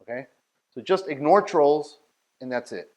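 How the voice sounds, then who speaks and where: A man's voice: on the high side, lively intonation, measured pace. Blunt, direct man leading a workshop. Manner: blunt, direct, keeps checking in with the listeners. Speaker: outreach workshop leader. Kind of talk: workshop talk.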